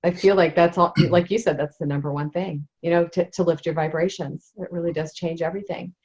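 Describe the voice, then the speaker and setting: A woman's voice: on the low side, steady tone, a little fast, darkish tone. A woman hosting an interview, speaking in an emotional, effusive way and often searching for her words. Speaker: host, interviewer. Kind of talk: casual interview. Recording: dull lo-fi sound.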